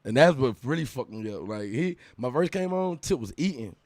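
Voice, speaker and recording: A young man, a guest musician, telling an animated story in a casual interview, full of profane street slang. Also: medium pitch, brisk, no echo.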